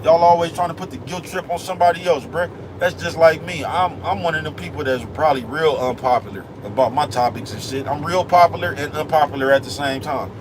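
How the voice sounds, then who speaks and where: A man with a somewhat high voice rants loosely into his phone, heavy on street slang and filler catchphrases. It sounds like he is outside by a car, and the recording carries clear traffic noise behind him. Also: a little fast, few pauses. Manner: streetwise slang, repeats "you know what I'm talking about". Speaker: vlogger. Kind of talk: casual rant to camera.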